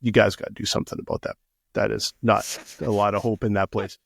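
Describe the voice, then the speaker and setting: A man's voice: fairly low pitch, fast, vocal fry, dry recording, clean studio sound. Rambling male podcast co-host. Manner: rambling, many fillers like "like" and "you know", animated asides. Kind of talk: casual chat.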